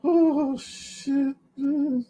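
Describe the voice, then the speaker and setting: Slow-talking high-voiced man riffing. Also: fairly even intonation, warm tone. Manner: profane, laughing, ends lines with "man". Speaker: livestream host. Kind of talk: casual commentary.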